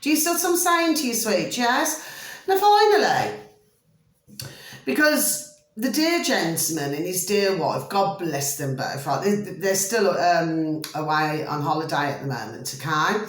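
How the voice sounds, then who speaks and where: A woman talking at length to her viewers in a casual, rambling vlog, often checking "do you see what I mean" and swinging between emphatic high bursts and low muttered asides. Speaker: vlogger. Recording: echoey room.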